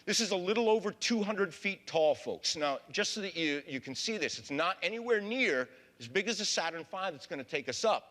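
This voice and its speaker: A man's voice: high-pitched, animated, fairly quick, hardly any pauses, fairly bright tone. Folksy lecturing man in a reverberant hall. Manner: folksy, keeps addressing the audience as folks. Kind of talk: public history talk.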